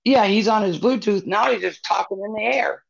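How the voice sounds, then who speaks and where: A woman co-hosting a podcast tells a rambling story, full of fillers. Her voice has a gravelly fry to it. The recording sounds muffled and lo-fi. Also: mid-range voice, normal speed. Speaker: podcast co-host. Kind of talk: casual podcast chat.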